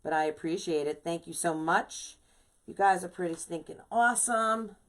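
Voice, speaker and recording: New woman, lowish voice, chatty live craft teacher who greets viewers as she goes. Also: normal speed, a bit bright. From New York. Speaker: wreath designer teaching a live class. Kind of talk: casual live-stream craft tutorial.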